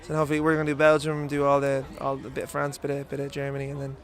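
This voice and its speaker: Fast-talking Irish man, buzzing after a gig. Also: medium pitch, completely flat delivery, some chatter behind. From Ireland. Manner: cheeky, swears casually, laughs often. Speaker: musician guest. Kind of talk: casual interview chat. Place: outdoors at a festival.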